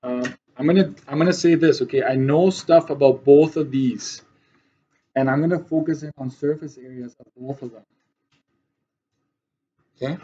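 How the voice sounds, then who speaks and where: A man's voice: a little high, normal speed, long pauses, mellow, dull audio. Man teaching math, checking in often. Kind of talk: classroom lesson.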